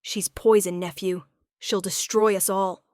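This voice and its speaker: A woman's voice: mid-range voice, little pitch movement, a little slow, a little mellow, dry recording, studio quality, natural voice. A woman voicing a scheming, fanatical older uncle of a wolf king, cold and bitter in storybook narration. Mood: accusing.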